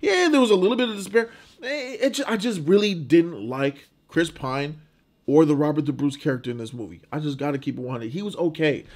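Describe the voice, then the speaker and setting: A man's voice: on the high side, a little fast, darkish tone. A man giving a casual, emphatic movie review, informal and often restarting his words.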